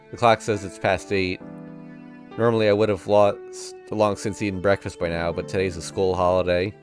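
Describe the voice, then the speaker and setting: A man's voice: low-pitched, fairly even intonation, normal speed, pauses often, faint music behind. A man reading a visual novel aloud on stream, narrating casually in the first person. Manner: casual first-person narration that voices sound effects playfully.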